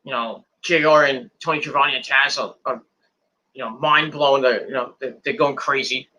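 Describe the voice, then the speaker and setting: A man's voice: mid-range voice, fairly even intonation, moderate pace, bright, forceful tone, lo-fi sound, slight background noise. A man casually recapping a wrestling match move by move, rambling and repeating words as he goes. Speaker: wrestling show reviewer.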